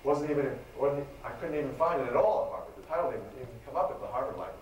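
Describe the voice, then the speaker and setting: A man giving a live lecture, telling a story in an animated, dramatic way. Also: mid-range voice, very fast, muffled recording. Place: lecture hall. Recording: echoey hall, distant mic, faint noise.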